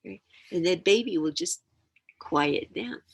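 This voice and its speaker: An older woman sharing teachings as a storyteller, acting out the quiet hushing sounds and coaxing calls in her stories. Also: on the low side, expressive, a little slow, creaky, husky, rough recording. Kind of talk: storytelling talk.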